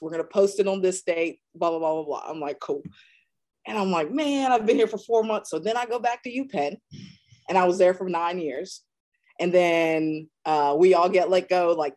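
A strength and conditioning coach in her thirties from North Carolina, USA, tells stories casually during an interview. She's animated and acts out the people she quotes, jumping widely in pitch for their dialogue.

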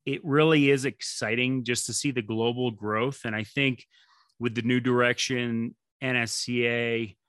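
Podcast host: thoughtful man, tense bright tone, dry sound. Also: medium pitch, steady tone, measured pace, smooth, no echo. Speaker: podcast host, strength coach. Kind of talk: casual podcast conversation.

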